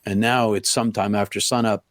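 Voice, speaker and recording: A middle-aged man telling a personal story in an interview, talking haltingly with many restarts. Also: fairly low pitch, flat delivery, no room sound, clean studio sound. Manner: halting, full of restarts, acts out quoted lines loudly. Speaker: podcast guest.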